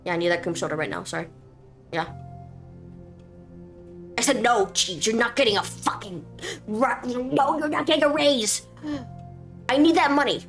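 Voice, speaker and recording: A woman's voice: on the high side, moderate pace, pauses often, over music, natural voice. A woman putting on a bossy rich lady. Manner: haughty, demanding. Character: bossy rich woman ordering her butler.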